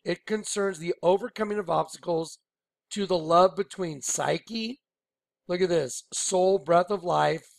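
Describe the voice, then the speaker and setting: A man leading an informal screen-share Bible study, excited and rambling, often telling listeners to watch. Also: sits high, unhurried, vocal fry, dry recording. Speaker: Bible teacher.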